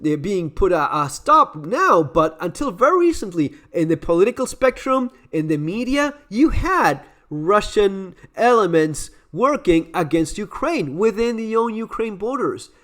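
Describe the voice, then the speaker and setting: A man's voice: sits high, sing-song, unhurried, hardly any pauses, a bit bright. A Latin American man whose first language is Spanish, with an Argentine Spanish accent, giving heated, sarcastic commentary on clips as the channel host. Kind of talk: opinionated commentary.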